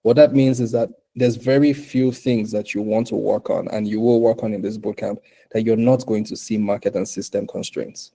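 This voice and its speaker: A man from Africa giving a motivational talk to aspiring entrepreneurs at a bootcamp, animated, laughing often and acting out quotes in other voices. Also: lowish voice, normal speed, vocal fry. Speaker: bootcamp speaker.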